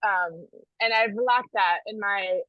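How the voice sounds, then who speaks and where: A woman's voice: medium pitch, slow, no echo, dull audio. An American woman sharing devotional news in a casual, chatty way, laughing often and correcting herself as she goes. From United States.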